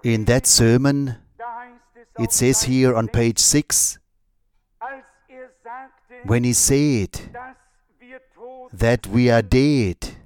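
A man delivers a sermon, reading scripture aloud slowly and deliberately with long pauses between phrases. His voice sits in the mid range and has a slightly mellow quality.

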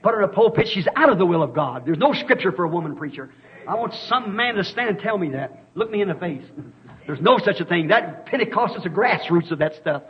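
A man preaching an impassioned revival sermon, swinging from storytelling asides to shouted warnings. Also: sits high, lively intonation, a little fast. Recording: dull lo-fi old sermon tape.

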